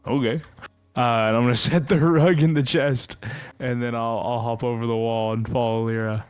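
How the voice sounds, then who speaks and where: A man playing his character in a tabletop game, speaking softly and a little hesitantly. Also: mid-range voice, steady tone, moderate pace, clean tone, no echo, faint music behind. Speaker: player. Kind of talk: tabletop role-play.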